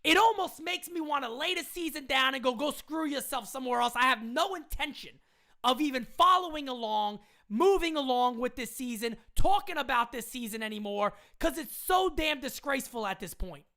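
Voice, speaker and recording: A woman ranting loudly and indignantly into a phone camera, repeating her points as a sports fan. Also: high-pitched, animated, normal speed. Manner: loud, indignant, repetitive ranting. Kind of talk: live rant into a phone camera.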